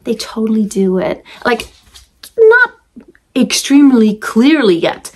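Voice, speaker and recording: A woman's voice: a little high, normal speed, darkish tone. A woman talking casually to camera as a vlogger and mother of twins, chatty and rambling, often restarting and laughing.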